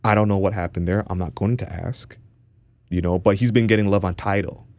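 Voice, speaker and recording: A man's voice: low voice, fairly even intonation, brisk, darkish tone, no room sound. A man from Toronto, co-hosting a casual podcast and ranting passionately with lots of restarts. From Toronto, Canada. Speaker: podcast co-host.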